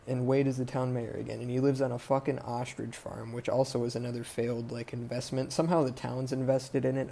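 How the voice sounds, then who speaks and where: A man's voice: medium pitch, creaky, mellow, slight background noise. A man hosting a podcast, casually recapping a movie plot in a rambling, profane way full of fillers. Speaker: podcast host.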